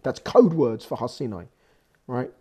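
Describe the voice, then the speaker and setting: Brief: croaky-voiced man teaching scripture, husky tone, lively pitch, bursts loud to drive points home. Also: unhurried. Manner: animated, swings from low explaining to loud exhortation. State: hoarse, croaky voice. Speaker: Torah teacher. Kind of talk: lecturing on scripture.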